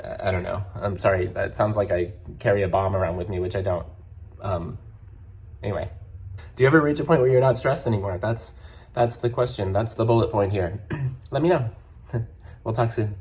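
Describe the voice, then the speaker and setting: A man's voice: fairly low pitch, fairly quick, darkish tone. A man, a travel vlogger, chatting casually to his viewers at a hotel, rambling with lots of fillers and restarts. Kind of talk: casual chat to camera.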